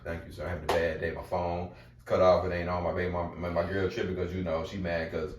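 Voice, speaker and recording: A man's voice: sits low, fast. A man casually telling a story about his life, acting out the people in it. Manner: animated, acts out quoted voices loudly. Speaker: storyteller guest. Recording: echoey room, mic far off, noisy.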